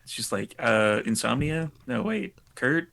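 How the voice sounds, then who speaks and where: A man running a tabletop game as game master, in a relaxed, dryly joking manner. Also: mid-range voice, unhurried, vocal fry.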